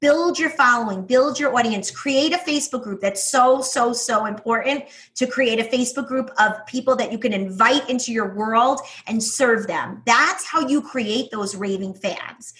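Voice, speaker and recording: A woman with a New York accent speaks as an interview guest. Her voice sits high and sounds bright. She talks with enthusiasm and emphasis. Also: moderate pace, hardly any pauses. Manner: enthusiastic, emphatic, laughs often. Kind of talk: casual interview talk.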